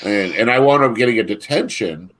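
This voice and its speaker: A man's voice: fairly low pitch, expressive, fairly quick, fairly bright tone. A man co-hosting a casual chat, telling stories in a rambling way, with frequent restarts and laughs. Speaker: podcast co-host.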